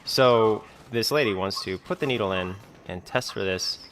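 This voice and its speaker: A man's voice: on the low side, normal speed, a bit bright, a little hiss or hum. A man talking in a rambling vlog monologue, full of fillers like "like" and "you know". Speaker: video creator being reacted to.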